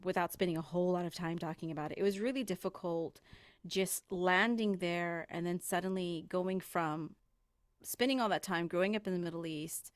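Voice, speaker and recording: Podcast host, woman, low-ish voice, animated casual storytelling, dry close mic. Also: no room sound. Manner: animated storyteller, acts out quoted voices, laughs often. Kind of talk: casual conversation.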